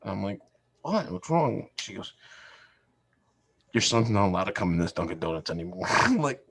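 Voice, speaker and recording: A man's voice: fairly low pitch, big pitch swings, normal speed, gravelly, fairly bright tone. A man in his thirties co-hosting a podcast, telling family stories in a casual chat and laughing through them. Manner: laughing storyteller, acts out family quotes. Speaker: podcast co-host.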